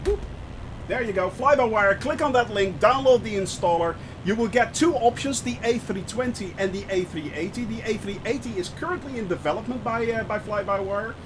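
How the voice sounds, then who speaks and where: A man streaming a flight simulator, chatting through his flight with lots of fillers and bursts of excitement. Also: sits high, a little fast, hardly any pauses, background noise. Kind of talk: live gameplay commentary.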